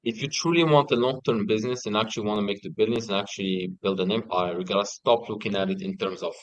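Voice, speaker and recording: A young man in a casual interview, telling stories in an animated way and swearing often. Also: lowish voice, quick pace, hardly any pauses, no echo, low-quality recording. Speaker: guest.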